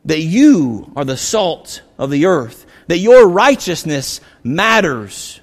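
A man preaching a sermon as pastor, animated, acting out the voices of biblical figures as he retells the story. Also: on the high side, in a large hall.

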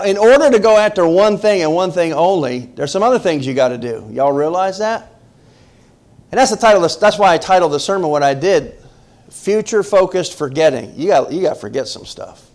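Male pastor, middle-aged, from the northern US, emphatic, conversational sermon, questions the crowd, fairly high voice. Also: a little mellow. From northern United States. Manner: emphatic, talks directly to the congregation with questions.

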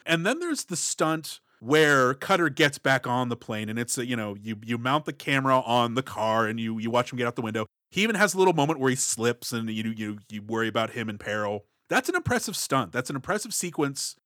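A man co-hosting a movie podcast, giving analytical, measured critique in casual chat. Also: mid-range voice, expressive, a bit bright, no echo, studio quality. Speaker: podcast co-host.

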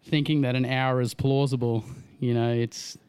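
A man chatting casually, laughing often and telling lively stories. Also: medium pitch, moderate pace, clean tone, dry recording. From Australia. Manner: animated storyteller, laughs often. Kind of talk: casual podcast chat.

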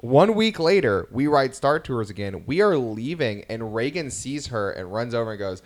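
Man in his thirties, podcast co-host, casual chat, lively family storytelling, mid pitch, very expressive intonation. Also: normal speed. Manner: lively storytelling, acting out his kids' lines.

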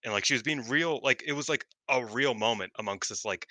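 Man, podcast chat, animated, swears, many "like"s, dry close sound. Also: medium pitch, brisk, no room sound. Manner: animated storyteller, swears a lot, many likes. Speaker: wrestling podcast panelist.

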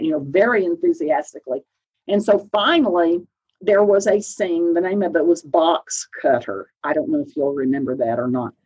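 A woman guest telling an animated, enthusiastic story with many fillers and restarts. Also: fairly low pitch, slightly rough, highs cut off. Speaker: interviewed guest, science advisor. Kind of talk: recorded remote interview anecdote.

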